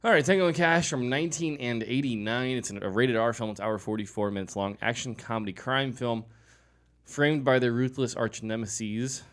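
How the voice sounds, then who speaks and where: A man's voice: medium pitch, moderate pace. Casual man reading film details. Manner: reads details aloud, stumbles over names. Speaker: podcast co-host reading film info. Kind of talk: casual chat.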